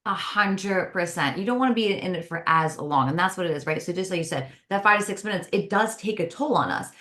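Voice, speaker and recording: A woman speaks as a podcast guest, offering conversational advice on stress. She talks with lively energy and slips into acting out little everyday exchanges to make her points. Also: on the low side, brisk. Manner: lively, acts out everyday dialogue.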